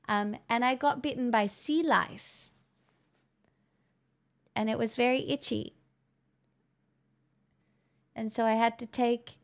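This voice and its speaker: A young woman live streaming on a headset mic, chatting to her viewers in a giggly, rambling, self-mocking way. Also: fairly high pitch. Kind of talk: casual chat with stream viewers.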